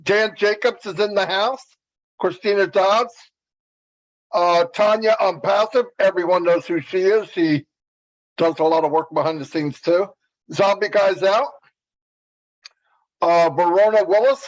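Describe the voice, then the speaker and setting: A man co-hosting a livestream, relaxed and joking as he greets viewers. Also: sits high. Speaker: co-host. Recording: dull lo-fi stream audio.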